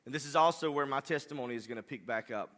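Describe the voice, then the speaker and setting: A man's voice: medium pitch, quick pace, a bit bright. A man preaching a sermon, rising to impassioned, emphatic delivery. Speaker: pastor.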